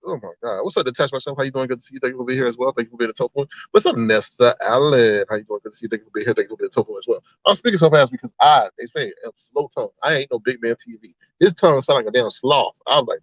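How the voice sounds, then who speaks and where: A man's voice: medium pitch, rapid-fire, few pauses, dry recording. A man hosting a casual livestream, greeting viewers one by one and gossiping in a teasing, chatty way with frequent laughs. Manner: laughs often and breaks into exaggerated outbursts. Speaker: livestream host. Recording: dull, lo-fi dry sound.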